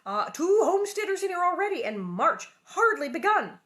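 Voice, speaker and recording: A woman voicing a determined pioneer father in a storybook reading, speaking loudly and emphatically. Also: very high-pitched, big pitch swings, moderate pace, voice pushed up, exaggerated voice.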